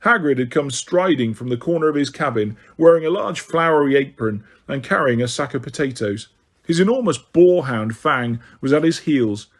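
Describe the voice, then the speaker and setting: A man narrating a novel aloud in a steady, even storytelling voice. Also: mid-range voice, normal speed. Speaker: audiobook reader. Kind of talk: audiobook narration.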